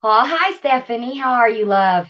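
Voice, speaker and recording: A woman hosts a casual livestream from home on a tablet mic, her slightly high voice expressive and her pace moderate. She chats, greets viewers by name, and laughs frequently, though the recording is muffled.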